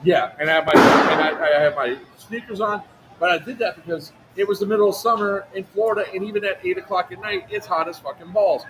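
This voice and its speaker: A man telling a story in casual chat on a livestream, animated and profane, acting out other people's lines. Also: high voice, fairly quick, slight background noise, low-quality recording. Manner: animated, profane, acts out quotes in a raised voice. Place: outdoor airsoft event.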